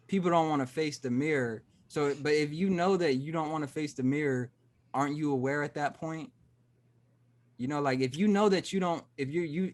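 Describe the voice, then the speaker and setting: A man hosting a podcast, talking casually and thinking aloud, often restarting his sentences and livening up when he acts out examples. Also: fairly high pitch. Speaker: podcast host. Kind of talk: casual conversation.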